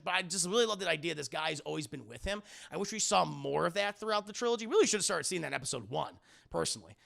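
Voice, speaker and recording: A man with a gravelly, strongly creaky voice talks through a film scene by scene for a live chat. His tone is bright and forward, and his review is casual and full of swearing. He breaks into quick mock voices for the characters as he goes. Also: on the high side. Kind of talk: casual spoiler review, profane and animated.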